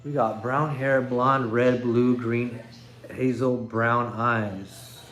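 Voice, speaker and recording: A man chats loosely on a phone livestream, rambling from thought to thought with a chuckle now and then. His voice sits at an ordinary middle pitch. The living room around him gives the sound a noticeable echo. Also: steady tone, slow pace, a bit bright. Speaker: livestream host. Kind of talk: casual livestream chat reading comments. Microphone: iPhone.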